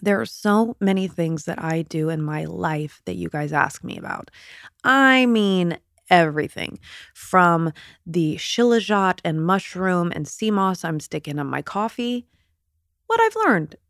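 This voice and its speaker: A woman's voice: on the low side, expressive, unhurried, vocal fry, no echo, clean studio sound. A woman hosting her own podcast from bed, talking in an emotional, chatty, confiding way. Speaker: podcast host. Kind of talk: casual solo podcast talk. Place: in bed at home.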